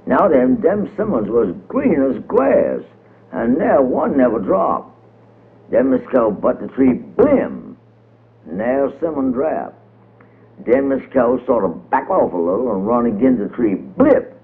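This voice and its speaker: Man, rhythmic folk storytelling, lively pitch, tinny old radio sound. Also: takes it slowly. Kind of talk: dialect folk-tale reading.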